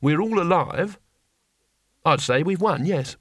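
Cast: a man playing a nervous, precise former teacher, lively pitch, close dry sound. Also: slow pace, no echo, heavily acted. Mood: careful. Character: fussy educated man, anxious former teacher.

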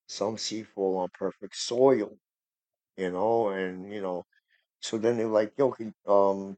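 Guy hosting a faith podcast, dark mellow voice, rambles and gets fired up, dry close sound. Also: on the low side, dry recording. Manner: rambling, earnest, heated about preachers. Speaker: podcast host. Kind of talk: casual faith podcast chat.

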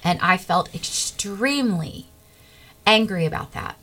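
A middle-aged woman, a guest, telling a personal faith testimony in an earnest, animated way. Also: medium pitch, unhurried.

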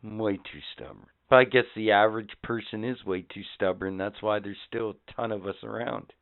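A man hosting a podcast in profane, rambling casual chat, swinging between loud and quiet. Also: lowish voice, steady tone, fairly quick, gravelly, clean tone. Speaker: podcast host. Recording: phone-like lo-fi audio.

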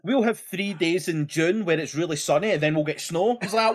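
A man's voice: sits high, lively intonation, normal speed. A man with a Scottish accent co-hosting a podcast, trading dry, sarcastic banter with frequent swearing. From Scotland. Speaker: podcast co-host. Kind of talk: casual chat.

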